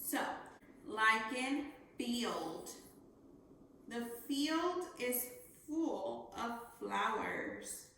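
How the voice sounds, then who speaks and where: A woman teacher giving a phonics lesson to young children, speaking slowly and enunciating clearly. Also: a little high, expressive, pushed and bright. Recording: very echoey room, faint noise.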